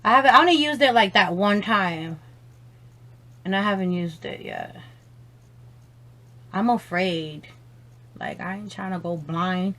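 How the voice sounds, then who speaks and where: A woman's voice: mid-range voice, unhurried, long pauses, bright, forceful tone. A young woman vlogging as she does her makeup, swearing a lot and laughing often while chatting on the phone. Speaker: beauty vlogger. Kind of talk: casual makeup chat on the phone.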